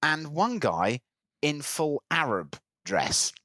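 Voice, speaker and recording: Animated storytelling man, lively pitch. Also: slow, dry recording. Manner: animated anecdote teller, slips into character voices. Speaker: podcast co-host. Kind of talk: casual storytelling chat.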